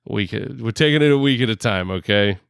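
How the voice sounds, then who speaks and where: A lowish, gravelly male voice, smooth underneath, chatting loosely on a podcast. He rambles with fillers and breaks into laughter, his headset mic sounding dry and close. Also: animated, brisk, a bit bright, dry recording. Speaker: podcast co-host. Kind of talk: casual podcast chat.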